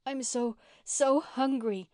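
A woman voicing a ragged, hungry runaway girl of about twelve, who talks in a blunt, rough country dialect. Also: medium pitch, brisk, no echo, clean studio sound, natural voice. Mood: pleading.

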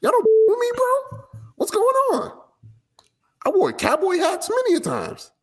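A man doing a shrill, outraged singer. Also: huge pitch swings, a little slow, full character voice. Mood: indignant. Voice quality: shrill, indignant. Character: outraged male singer, adult, ranting at a city.

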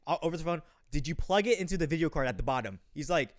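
A man in a casual chat with friends, agreeable and quick to laugh. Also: fairly high pitch, animated, no echo, studio quality.

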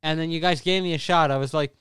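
Young male guest, clear slightly high voice, relaxed and crude, dry close sound. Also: quick pace, dry recording. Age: young adult. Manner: laid-back, laughing, heavy swearing. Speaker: podcast guest. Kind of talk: casual chat.

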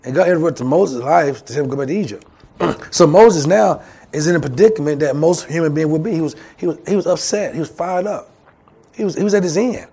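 A man's voice: on the high side, a little fast, warm tone, husky. A man preaching a sermon as pastor, calling out to the congregation and acting out voices. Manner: call-and-response preaching, acts out voices. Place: church.

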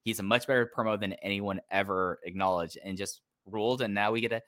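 A man's voice: lowish voice, fairly even intonation, fast talker, fairly bright tone, no room sound, clean studio sound. A man co-hosting a casual podcast, talking enthusiastically and rambling with lots of filler words. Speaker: podcast co-host. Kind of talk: casual chat.

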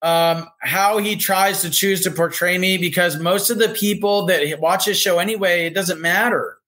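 A man's voice: sits high, moderate pace, sharp tone. A man as a guest on a casual podcast interview, talking in an earnest way about spiritual ideas.

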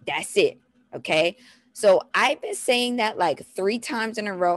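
A woman, a mother, giving parenting advice in a casual, animated way, repeating short phrases and acting out a toddler's thoughts. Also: medium pitch, unhurried, no room sound. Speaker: mom giving parenting tips. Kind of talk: casual talk to camera.

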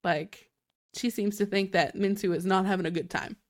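A young woman co-hosting a relaxed recap podcast in a mid-range voice. She talks in a breezy, easygoing way and readily agrees with her co-host. Her delivery is casual and conversational. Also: medium pitch, moderate pace.

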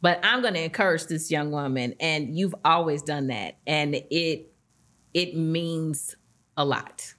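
A middle-aged woman hosting a podcast in relaxed conversation. She tells stories vividly and acts out the voices in them, so her pitch jumps high and low. Her tone is friendly and encouraging. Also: a little slow. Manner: animated storyteller, acts out quoted voices. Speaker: podcast host. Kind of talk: casual interview chat.

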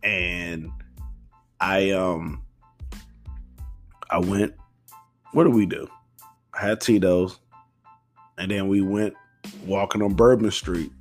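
Young male host, lowish voice, loose slangy storytelling, soft music underneath. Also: steady tone, takes it slowly, pauses often. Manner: rambling, profane, slangy, laid-back. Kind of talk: casual storytelling monologue.

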